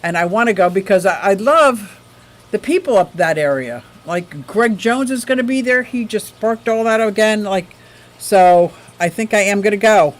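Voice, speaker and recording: Woman, aquarium-channel stream host; casual, gushing, quick to laugh while reading tips. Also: medium pitch, poor audio. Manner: gushing, excitable, laughs often.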